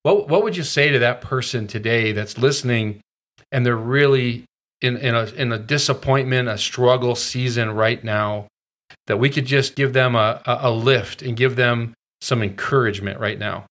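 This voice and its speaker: Encouraging pastor co-hosting a podcast. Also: male voice, mid-range voice, a bit bright. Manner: encouraging, halting restarts. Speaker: pastor, co-host. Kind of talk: podcast interview.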